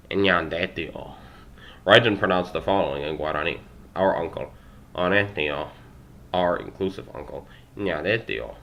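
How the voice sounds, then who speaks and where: A man's voice: sits low, muffled recording. A young man working through a language textbook aloud, sounding out phrases, stumbling over pronunciation and adding self-deprecating asides. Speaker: language learner vlogger.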